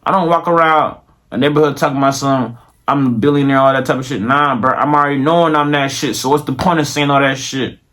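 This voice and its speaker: A man's voice: mid-range voice, steady tone, a bit bright. A young man vlogging straight to camera in casual, slangy, profane talk that rambles and repeats itself. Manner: slows into mock-grand preaching toward the end.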